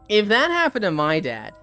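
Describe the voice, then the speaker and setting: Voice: medium pitch, fairly bright tone. A live streamer walking while chatting casually, retelling funny stories with lots of laughter and swearing, and acting out the people in them. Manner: laughs often, swears, acts out quoted voices.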